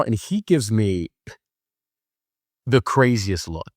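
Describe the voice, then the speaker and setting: A man's voice: on the low side, animated, moderate pace, long pauses, no room sound, studio quality. A young man hosting a podcast, telling stories in a loose, joking way with lots of fillers. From Wisconsin. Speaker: podcast host. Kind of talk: casual storytelling monologue.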